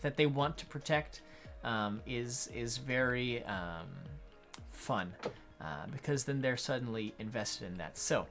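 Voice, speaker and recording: A man acting as a game master, explaining adventure design in an unhurried tutorial talk while thinking aloud. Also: medium pitch, fairly bright tone.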